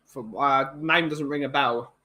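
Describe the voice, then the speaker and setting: A man's voice: medium pitch, steady tone, unhurried, pushed and bright. A young man chatting casually and opinionatedly to viewers, rambling with many restarts. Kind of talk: casual chat.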